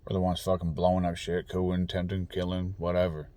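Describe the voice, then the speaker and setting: A man's voice: low voice, monotone, a little fast, warm tone. A man delivering an angry, profane, rambling political rant full of restarts. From United States. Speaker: political commentator. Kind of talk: ranting monologue.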